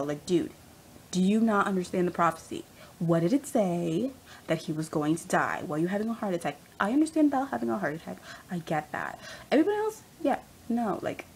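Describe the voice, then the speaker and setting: A young woman ranting casually as a fan vlogger, animated and rambling, laughing often. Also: on the low side, gravelly, a little hiss or hum, low-quality recording. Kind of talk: casual rant.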